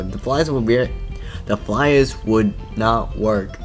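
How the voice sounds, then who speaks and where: A man's voice: on the low side, slow pace, soft background music. A man reading a visual novel aloud, breaking off into profane, laughing asides. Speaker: let's play host.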